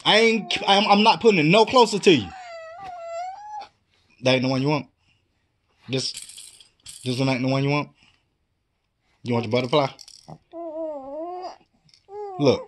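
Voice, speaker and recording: Playful dad with wildly swinging pitch. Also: male voice, noisy background. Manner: playful, teasing, swings into high baby talk. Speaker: father. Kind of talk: coaxing a baby at play.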